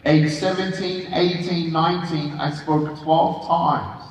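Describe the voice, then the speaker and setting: A man's voice: on the high side, a little slow, slight background noise. Man speaking in an echoing convention hall. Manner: animated, playful, acts out dialogue. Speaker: motivational speaker. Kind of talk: storytelling keynote speech. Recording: echoey hall recorded from far off.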